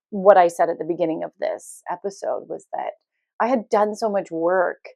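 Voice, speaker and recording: Woman host, chatty solo story, acts out quotes, loud laugh, dry booth. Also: medium pitch, no room sound. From Canada. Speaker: podcast host. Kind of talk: casual storytelling monologue.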